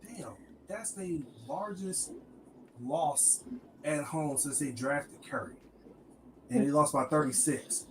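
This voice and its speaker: A man's voice: a little high, takes it slowly, a bit bright, slight background noise, rough recording. A man in casual chat, making dry, questioning remarks.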